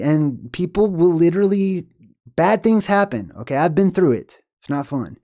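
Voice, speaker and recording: Mellow-voiced man, rambling movie theories. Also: on the high side, expressive, normal speed. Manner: digressive, emphatic, keeps asking "right?". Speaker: movie symbolism commentator. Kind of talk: rambling solo commentary.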